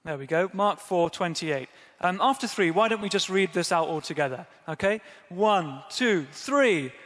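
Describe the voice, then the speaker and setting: A man's voice: high-pitched, animated, normal speed, a bit bright, long reverb tail. A man preaching a sermon at a church service, conversational and self-deprecating, talking directly to his congregation.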